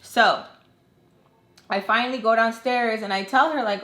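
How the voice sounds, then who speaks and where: A young woman telling a personal storytime to her viewers, casual and expressive, with lots of fillers and swearing. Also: on the high side, unhurried, echoey room. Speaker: vlogger. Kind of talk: storytime vlog.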